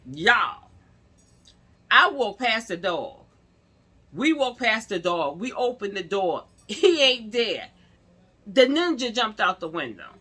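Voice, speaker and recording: A woman vlogger tells a story straight to her viewers in a bright, forceful voice. Her pitch swings widely as she acts out each person she quotes. She keeps it casual and chatty throughout.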